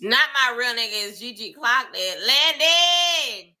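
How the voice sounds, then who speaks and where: Bright-voiced animated woman reacting live. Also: on the high side, moderate pace, low-quality recording. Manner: animated, exclaiming, casual slang addressing viewers. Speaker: reality TV reaction streamer.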